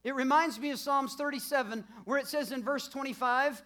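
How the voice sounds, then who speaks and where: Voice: high voice, a little fast, sharp tone. A pastor giving church announcements and a sermon, preaching emphatically and repeating lines with building force.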